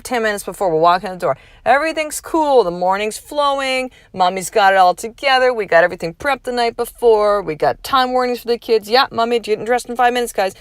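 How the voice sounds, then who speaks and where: A woman's voice: mid-range voice, no echo. A woman in her thirties hosting a podcast, talking in a frank, casual, motivational way, swearing freely and leaning hard on key words. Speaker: podcast host. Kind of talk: candid motivational monologue.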